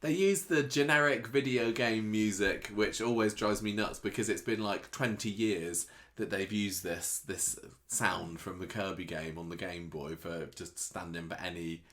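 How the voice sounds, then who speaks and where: A man's voice: fairly low pitch, fairly even intonation, normal speed, hardly any pauses, a bit bright. A man co-hosting a podcast, adding wry, grumbling asides. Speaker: podcast co-host. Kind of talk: casual soap recap chat.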